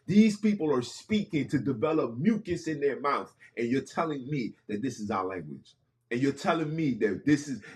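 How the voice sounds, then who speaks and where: A man hosting a podcast, speaking in an impassioned monologue with casual street phrasing and repeated lines for emphasis. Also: medium pitch. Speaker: podcast host.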